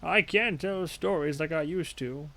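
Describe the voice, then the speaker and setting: A man voicing a shy, gentle old man, speaking slowly, softly and hesitantly. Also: a little high, creaky. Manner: slow, soft and hesitant.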